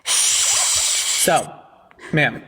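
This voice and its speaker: A man's voice: drawn-out words, bright, forceful tone. A man hosting a livestream debate, sarcastic and mocking as he talks down to callers.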